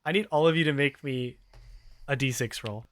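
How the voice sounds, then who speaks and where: A man narrating as game master of a tabletop role-playing game, animated and laughing often. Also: mid-range voice, moderate pace, no room sound.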